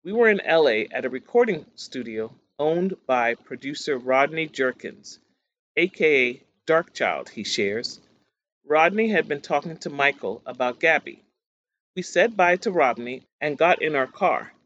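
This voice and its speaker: Man reading print news aloud, higher voice with a lot of pitch movement, dull lo-fi recording. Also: a little slow. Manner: steady read-aloud delivery of quotes and narration. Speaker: news reader. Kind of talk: reading magazine articles aloud.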